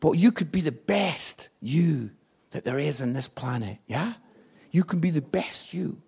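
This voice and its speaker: High, gravelly Scottish preacher. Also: male voice, measured pace. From Scotland. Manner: energetic and jokey, with loud outbursts. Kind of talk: evangelistic sermon.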